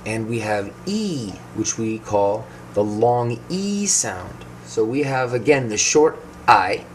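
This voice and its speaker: A man, an English speaker, explaining vowel sounds slowly and clearly as a pronunciation teacher. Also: medium pitch, sing-song, a little hiss or hum. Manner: tells anecdotes, acts out quoted people.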